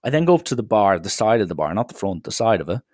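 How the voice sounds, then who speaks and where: A man's voice: lowish voice, fast talker, no echo, studio quality. Ranting man telling a story. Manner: animated storytelling, swearing, acting out dialogue. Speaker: podcast host. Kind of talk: solo comedic podcast rant.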